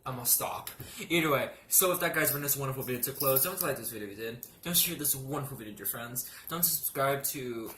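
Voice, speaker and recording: Young guy telling an embarrassing story, swears a lot, stammers, bright sharp voice, echoey room. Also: mid-range voice, quick pace, slight background noise. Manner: animated, joking, swearing, stammering. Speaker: vlogger. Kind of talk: storytime vlog.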